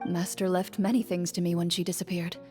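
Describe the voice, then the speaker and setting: A woman voicing a composed young swordswoman who speaks in a calm, reserved, measured way. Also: fairly low pitch, big-room sound, faint music behind, natural voice.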